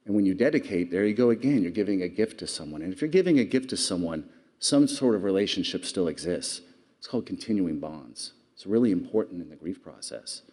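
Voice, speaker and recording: A man's voice: sits low, lively intonation, brisk, a little mellow. A man giving an earnest public speech, telling stories and asking the audience questions. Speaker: award speaker.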